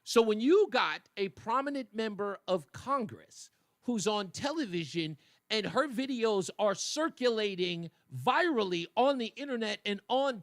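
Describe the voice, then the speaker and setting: A man's voice: high voice, a bit bright, dry recording. A man hosting a talk radio show, delivering a colloquial opinion monologue with mocking asides into a studio microphone.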